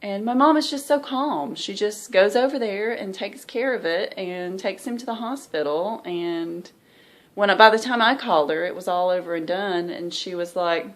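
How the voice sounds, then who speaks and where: At a moderate pace and medium pitch, a Southern US woman in her thirties talks in her cross-stitch vlog. The conversation is casual, candid, and rambling, and she comes across as weary.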